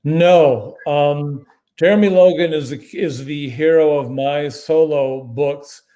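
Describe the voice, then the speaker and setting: Brief: male author guest, slightly higher pitch, measured and precise, chatting on a video call. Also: mellow. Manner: articulate, measured, precise word choice. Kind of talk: casual conversational answers.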